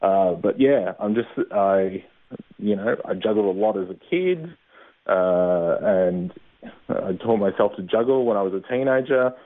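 A man, a stand-up comedian chatting in an interview, self-mocking and quick to laugh. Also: fairly low pitch. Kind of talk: casual interview answers. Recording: tinny phone-line sound.

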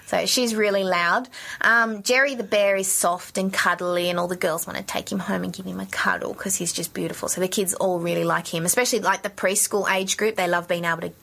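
A middle-aged woman talks in a bubbly, animated way and often breaks into laughter. Her voice is bright and clear, and she sits at a mid pitch for a woman. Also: brisk. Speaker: children's puppeteer and guest. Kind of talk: radio interview chat.

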